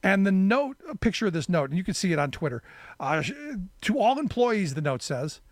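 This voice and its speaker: A male talk radio host with a notably high voice, speaking into a close studio microphone. His delivery is loose and conversational, circling back on himself with restarts and repeated words. The sound is completely dry, with no room around it. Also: expressive, fast talker, dry recording. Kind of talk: opinionated radio monologue.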